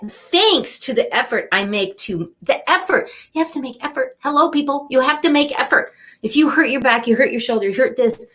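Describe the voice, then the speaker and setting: A woman's voice: high-pitched, fairly bright tone. A middle-aged woman giving an inspirational card reading on a webcam live stream, chatty and upbeat, speaking straight to her viewers. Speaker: angel card reader.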